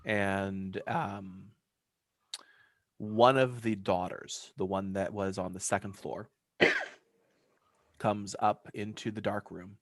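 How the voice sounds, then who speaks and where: A man's voice: on the low side, steady tone, takes it slowly, pauses often, fairly bright tone, no echo. A man narrating a tabletop game as game master, describing scenes in a loose, filler-heavy way.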